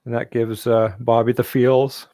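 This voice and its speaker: A man's voice: medium pitch, level tone, a little slow, dark tone, no echo, clean studio sound. A man hosting a casual live stream about comics, laughing often and acting out character quotes as he goes. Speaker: host.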